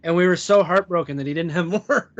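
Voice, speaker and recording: A man's voice: high-pitched, fast talker, no echo. A young man co-hosting a podcast, chatting casually, laughing through his stories and swearing often. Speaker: podcast co-host. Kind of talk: casual chat. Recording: dull lo-fi sound.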